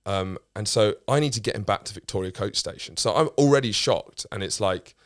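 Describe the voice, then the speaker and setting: Male comedian, low voice, rambling anecdote, dry close sound. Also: a little fast, no room sound. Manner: rambling, restarts, swears freely. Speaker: comedian guest. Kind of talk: casual anecdote telling.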